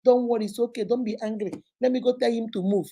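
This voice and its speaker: Nervous people-pleasing wife, soft and apologetic, put on by a woman. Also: a little high, steady tone, fast talker, husky. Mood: pleading.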